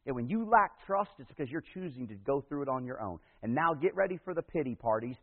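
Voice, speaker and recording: Husky-voiced man preaching a sermon. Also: mid-range voice, lively intonation, fast, big-room sound. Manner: preaching, rising to loud emphatic peaks. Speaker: pastor. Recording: tinny phone-like sound.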